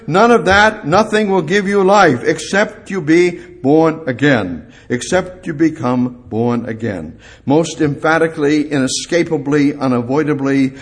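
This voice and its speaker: A male preacher delivering a sermon, emphatic, repeating key words and putting questions to his congregation. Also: a little high.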